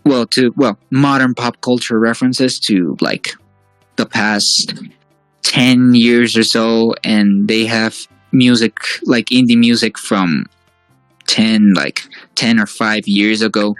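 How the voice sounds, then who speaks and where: A man's voice: fairly low pitch, fairly even intonation, slow, a bit bright, dry recording, faint music behind, poor audio. Hesitant man, dry close sound. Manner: hesitant, full of fillers and restarts. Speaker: guest, fan-series creator. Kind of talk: casual interview chat.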